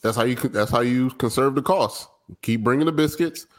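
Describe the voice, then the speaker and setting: A man's voice: medium pitch, normal speed. Playful, slangy male producer. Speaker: podcast producer. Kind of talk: casual chat.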